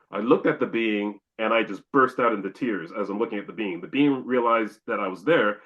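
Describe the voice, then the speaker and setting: A man's voice: medium pitch, a bit bright, muffled recording. A man from Canada, a podcast guest, telling a long personal story and acting out his own exclamations.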